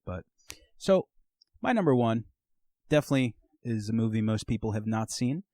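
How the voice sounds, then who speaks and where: Low-voiced man hosting a casual podcast. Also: normal speed, no room sound, studio quality. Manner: animated storyteller, swears freely, laughs mid-sentence. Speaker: podcast host. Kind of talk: casual phone conversation. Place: at home. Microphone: phone call.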